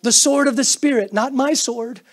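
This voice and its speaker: A middle-aged pastor preaching a sermon in church, swinging between loud bursts and hushed asides and acting out quoted prayers and greetings. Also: male voice, very high-pitched, moderate pace. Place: church sanctuary.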